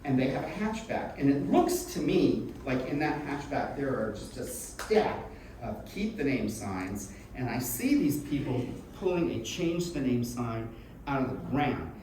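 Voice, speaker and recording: Animated man telling stories in an echoey room. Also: medium pitch, a little slow. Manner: animated, self-mocking and frank, swears freely. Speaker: storyteller. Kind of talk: live comic storytelling to an audience. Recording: echoey room from a distant mic with background noise.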